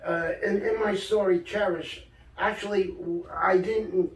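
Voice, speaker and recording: Older New man, high voice, animated storyteller, off-mic in an echoey room. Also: measured pace, recorded from a distance. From Brooklyn, New York. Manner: animated storyteller, acts out quoted dialogue. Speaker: guest author. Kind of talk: casual storytelling interview.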